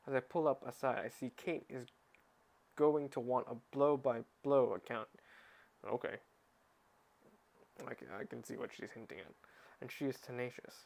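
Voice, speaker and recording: A man at home reads a novel aloud as a parody audiobook, in a middle-pitched voice. He trips over words and restarts them, and breaks off into sarcastic, fed-up comments on the text. The delivery is casual and unpolished. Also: normal speed, gravelly, pauses often, darkish tone. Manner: sarcastic, interrupts reading with exasperated comments; stumbles and restarts words while reading. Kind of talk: mock audiobook reading with asides.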